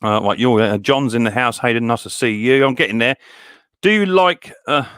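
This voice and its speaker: A man's voice: mid-range voice, normal speed, fairly bright tone, clear, resonant tone, no echo. A man hosting a live stream chat, cheerfully greeting viewers one by one and answering mower questions. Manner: chatty and upbeat, greets each viewer with "mate". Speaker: live stream host, mower repair shop owner.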